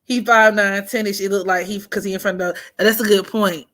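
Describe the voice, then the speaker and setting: A woman's voice: medium pitch, fairly even intonation, a little fast, fairly bright tone. A woman hosting an astrology livestream, chatting casually and teasing with frequent laughter. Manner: playful, teasing, laughs often, drops to near-whisper.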